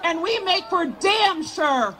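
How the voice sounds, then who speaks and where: A woman giving a shouted rally speech outdoors, leading the crowd in chants. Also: extremely high pitch, lively intonation, slow pace, slight background noise. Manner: chanting, call-and-response with crowd. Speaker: rally speaker.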